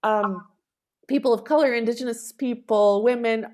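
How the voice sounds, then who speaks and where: A middle-aged woman composer in an interview, talking with animated emphasis and acting out the people she quotes. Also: on the high side, moderate pace. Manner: animated, acts out quoted callers. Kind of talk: conversational interview.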